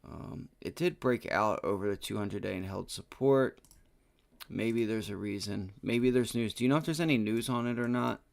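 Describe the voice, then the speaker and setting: At a normal speed, a man hosting a live trading stream talks through his charts in a lowish voice with vocal fry. His back is aching, and failed trades bring out frustrated, profane outbursts.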